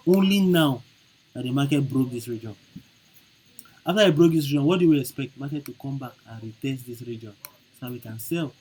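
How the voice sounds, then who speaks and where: A man's voice: mid-range voice, warm tone, husky, low-quality recording. A man teaching chart trading over a screen recording, repeating each point and checking in with "okay?" and "right?". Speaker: trading instructor.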